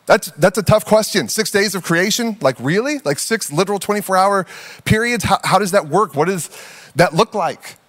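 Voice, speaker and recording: A man in his thirties preaches with a fairly high voice, talking to the congregation as if chatting with friends. He tells stories with energy and slips into playful put-on voices. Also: normal speed, in a large hall. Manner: conversational, animated storytelling with playful put-on voices. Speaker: pastor. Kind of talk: sermon.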